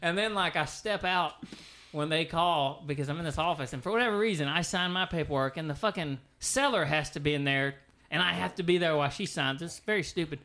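A man's voice: fairly high pitch, brisk. A man co-hosting a podcast, telling a story in casual chat, swearing often and laughing as he goes. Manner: animated, swears a lot, laughs mid-story. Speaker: podcast co-host.

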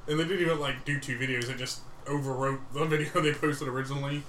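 A man co-hosting a casual podcast, explaining things at length with a deadpan joking manner. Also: mid-range voice, fast. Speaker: podcast co-host. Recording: roomy room with faint background noise.

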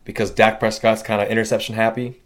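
A man's voice: on the low side, level tone, fast. A young man co-hosting a casual sports podcast, easygoing as he offers his predictions. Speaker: podcast co-host.

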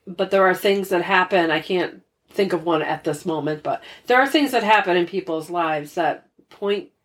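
Woman w a lowish voice on a podcast, candid, thoughtful, jokes about herself. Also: normal speed. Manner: reflective, candid, self-deprecating humor. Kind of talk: casual podcast chat.

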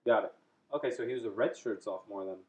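A man's voice: on the low side, fast. A young adult man co-hosting a casual sports chat, blunt, profane and wisecracking. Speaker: podcast co-host. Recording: dull, muffled lo-fi audio.

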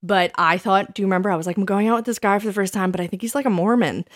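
A woman in her thirties co-hosts a relaxed chat, recounting old dates with lively, animated delivery. She slips into the voices of the people in her stories as she goes. Her voice sits at an ordinary, middle pitch. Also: racing. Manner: animated storytelling, acts out quoted lines. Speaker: podcast co-host. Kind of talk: casual chat.

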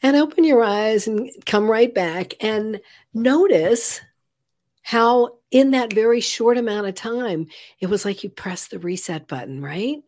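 Woman, 60s, calm coach; lively and playful, drops into soft, slow guided breathing. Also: a little high. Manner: expressive, playful, shifts into slow soothing guidance. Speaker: guest, calm and sleep coach. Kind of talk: conversational interview with guided breathing.

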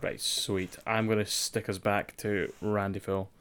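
Hesitant podcast host. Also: male voice, lowish voice, little pitch movement, unhurried, a bit bright, clear, resonant tone. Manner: hesitant, with restarts and swearing. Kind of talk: casual chat.

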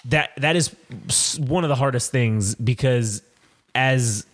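A man's voice: medium pitch, slow. A man in his thirties, co-hosting a casual chat show, telling a story with lots of swearing and acted-out voices. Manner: profane, animated storyteller acting out quoted voices. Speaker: podcast co-host.

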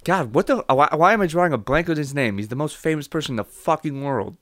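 A man's voice: on the high side, lively intonation, fast, a bit bright, dry recording, studio quality. A man co-hosting a comedy podcast in casual chat, rambling and laughing often. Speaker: podcast co-host.

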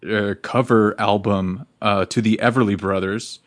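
A man's voice: on the low side, steady tone, normal speed, no room sound, clean studio sound. A man co-hosting a casual podcast, joking and rambling. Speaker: podcast co-host.

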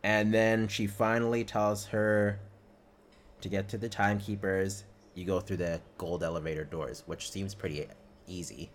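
A man with a fairly low voice co-hosts a casual podcast, laid-back and chatty as he walks through scenes at length. Now and then he slips into quoted lines. A faint hiss sits behind him. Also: little pitch movement, moderate pace. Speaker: podcast co-host.

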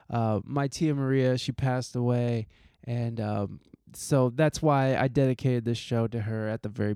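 A man's voice: mid-range voice, a little mellow, no room sound, studio quality. A man hosting his own podcast, talking in an earnest, heartfelt way with casual swearing and lots of restarts. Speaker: podcast host. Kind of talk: solo podcast talk.

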